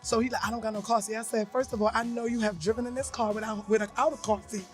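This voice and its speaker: A woman's voice: fairly high pitch, steady tone, quick pace, soft background music. A woman co-hosting a podcast, telling a personal story bluntly in casual chat and acting out the voices she quotes. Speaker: podcast co-host.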